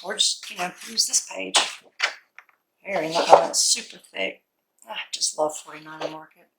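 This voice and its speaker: A woman's voice: on the low side, moderate pace, very noisy. A woman unboxing a scrapbook kit in casual vlog commentary, gushing and cooing over each item, her voice a little worn as if she is losing it.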